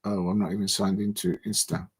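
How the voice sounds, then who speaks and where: A man hosting a football livestream in casual chat, rambling and halting with many fillers and frequent chuckles. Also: sits low, level tone, breathy edge.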